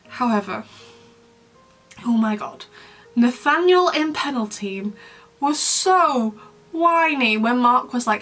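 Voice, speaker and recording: A young woman talks through a casual commentary vlog in a chatty, dramatic, playfully mean way. Her voice is very bright and sits a little high, with faint music playing underneath. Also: lively intonation, normal speed. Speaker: YouTuber, host.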